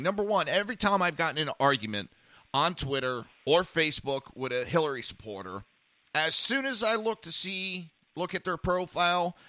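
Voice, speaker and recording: A man's voice: on the high side, sharp tone, clean tone, dry recording. A man hosting a political talk radio show, blunt and profane, often stumbling and restarting his sentences.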